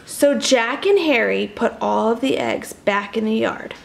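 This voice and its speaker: Read this like you're a young woman sharing a storybook with kids: keep your voice high, let a little gravel sit in it, and break off now and then to chat with them. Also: unhurried. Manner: animated, chatty asides to young listeners. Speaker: children's storybook reader. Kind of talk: reading a picture book aloud to kids.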